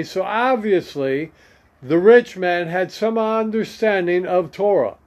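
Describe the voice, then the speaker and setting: Male preacher, higher voice, slow and measured, slightly dull lo-fi sound. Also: a little mellow. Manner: slow and deliberate, reading verses aloud with comments. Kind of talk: scripture teaching.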